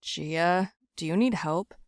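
A woman voicing a calm, kind teenage boy in a low-key, teasing manner. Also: slow pace, no room sound, clean studio sound.

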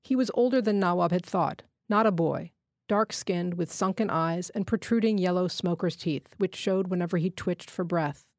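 A woman reading a literary short story aloud in a measured, steady way. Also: lowish voice, dry recording, studio quality. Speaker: fiction reader.

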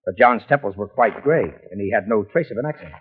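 1940s radio drama: a calm, probing lawyer, slightly low husky voice, phone-thin broadcast sound. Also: male voice. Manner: probing, measured. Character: shrewd calm male lawyer probing a suspect. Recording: tinny old radio broadcast.

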